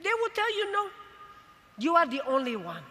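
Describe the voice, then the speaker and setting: Give me a woman acting as a fervent, tearful father, bright and tense, ringing with a long arena echo. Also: huge pitch swings, moderate pace, full character voice. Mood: coaxing. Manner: emphatic and emotional, swelling in pitch and volume. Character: tearful, proud, fervent father addressing his small daughter. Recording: long reverb of a big arena.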